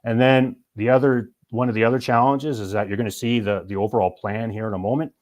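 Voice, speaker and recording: A man's voice: medium pitch, steady tone, quick pace, a little mellow. A man, a military historian and urban operations instructor, giving a detailed, explanatory presentation as a guest to the show's host.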